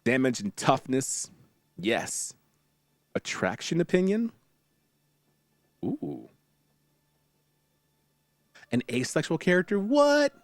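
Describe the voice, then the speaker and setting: A man's voice: medium pitch, slow pace, long pauses, dry recording. A man casually playing a strategy game on stream, reading tutorial text aloud and joking with viewers in a playful way. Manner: playful, jokey, chats with viewers, bursts of excited exclamations.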